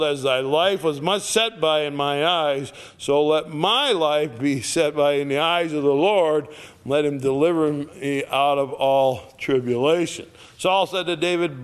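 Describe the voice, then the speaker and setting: Animated male preacher retelling scripture. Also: a little high, clear, resonant tone. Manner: animated storytelling, acting out the characters. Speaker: pastor. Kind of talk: sermon, reading scripture and retelling it.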